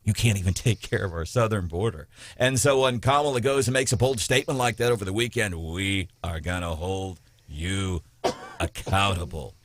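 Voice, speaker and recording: A man's voice: medium pitch, quick pace. A man with a Midwestern American accent hosting a morning radio show, rambling and joking sarcastically. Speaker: radio host. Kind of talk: casual talk radio banter. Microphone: studio mic.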